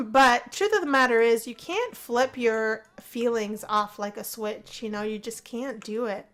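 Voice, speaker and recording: A woman talks her way through a life-simulation game in a casual, chatty commentary. Her voice sits a little high, and she gets excitable and gushing over the story as it unfolds. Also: a little slow. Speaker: gameplay narrator. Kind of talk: casual let's play commentary.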